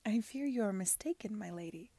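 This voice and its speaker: A modest, earnest young woman, quiet and self-conscious, read by a woman. The tone is warm and gravelly, recorded close and dry. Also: on the high side, sing-song, moderate pace, no room sound, pitched above the performer's own voice, heavily acted. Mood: embarrassed.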